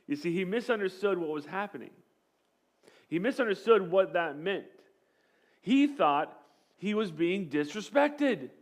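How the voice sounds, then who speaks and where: Animated storytelling man preaching a sermon. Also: sits high, a little slow. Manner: animated storytelling with acted-out quotes; conversational, with jokes and light laughs. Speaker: pastor.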